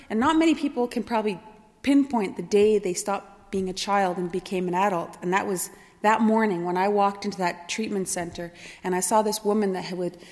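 Woman from kahnawake telling her story, laughs a lot, acts out the dialogue, big hall echo. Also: mid-range voice. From Kahnawake Mohawk community, Quebec, Canada. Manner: animated, laughing at her own story, voices others in dialogue. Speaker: storyteller recalling her youth. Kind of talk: personal storytelling talk.

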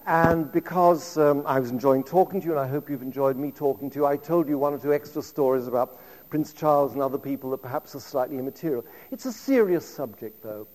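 Man, 50s, lecturer; a slightly high, anecdotal and conversational voice, recorded with long hall reverb. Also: a little fast, a little mellow. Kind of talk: public lecture.

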